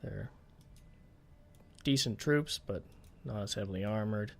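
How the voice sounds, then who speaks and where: A man's voice: fairly low pitch, measured pace, vocal fry, slight background noise. A man talking through a strategy game as he plays, thinking aloud and swearing when the game frustrates him. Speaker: gaming channel host. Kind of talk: let's play commentary.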